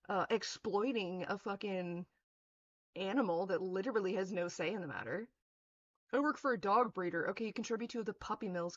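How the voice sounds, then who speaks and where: Ranting angrily to camera in her own video, a young woman vlogger uses heavy profanity and cutting insults, sometimes sneering as she mocks others. She has a mid-range voice, and the audio is dull.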